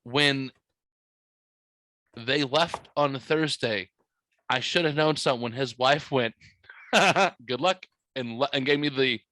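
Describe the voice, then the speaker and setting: A man's voice: mid-range voice, steady tone, unhurried, long pauses, pushed and bright, rough recording. A young man hosting a podcast, telling a story in a joking, profane, smart-aleck way. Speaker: podcast host. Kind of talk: casual storytelling.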